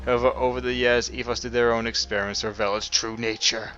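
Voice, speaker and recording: Flat robot-ish villain guy, scheming and cold, a man putting it on while playing a game, muffled lo-fi audio with game music under it. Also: medium pitch, fast talker, natural voice. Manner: flat mock-robotic reading. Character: scheming male villain reading lines in a robot voice. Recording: dull lo-fi sound with game music.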